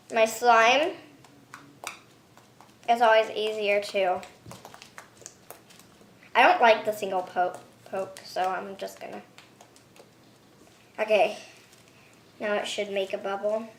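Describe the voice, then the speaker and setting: Excitable squealing woman making slime. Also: mid-range voice, slow, pauses often, roomy sound, slight background noise. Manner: excitable, squeals and shrieks often. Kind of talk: excited hands-on vlog narration. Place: home bathroom and table.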